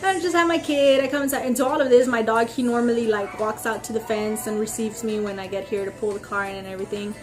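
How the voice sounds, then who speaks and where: A woman's voice: a little high, fast talker, hardly any pauses, faint music behind. A young woman ranting casually to her camera as a vlogger, rambling with lots of "like" and "freaking" and acting out the other people in her stories. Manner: animated storytelling, acting out others' lines.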